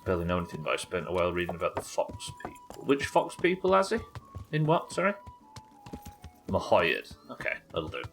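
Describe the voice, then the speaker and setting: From his home streaming setup, a man with a low-pitched, animated voice plays a game live. He talks briskly and casually with viewers, swearing freely, while faint music plays behind him.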